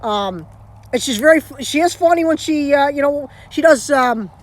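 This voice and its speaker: A woman's voice: high-pitched, expressive, normal speed. Chatty Canadian woman live-streaming by phone. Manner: rambling, chatty, with frequent restarts. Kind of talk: casual live-stream chat.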